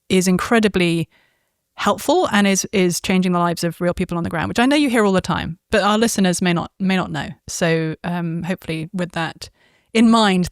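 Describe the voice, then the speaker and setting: A middle-aged woman hosting a podcast in a casual interview chat, chatty and often pausing to search for words. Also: on the low side, no room sound, studio quality. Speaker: podcast host.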